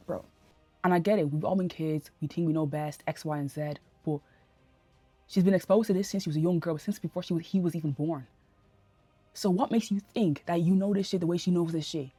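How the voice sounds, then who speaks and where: A woman giving a casual spoken TV review into a phone camera, ranting in an animated, exasperated way full of slang. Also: on the low side, fairly quick, husky, dry recording, soft background music. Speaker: TV review vlogger. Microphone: phone camera held close.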